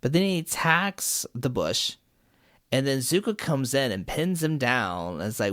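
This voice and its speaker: A man co-hosting a podcast, retelling a cartoon episode with lively acted-out quotes. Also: medium pitch, unhurried. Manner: animated storyteller, acts out quotes. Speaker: podcast co-host. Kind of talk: casual podcast chat, recapping a show.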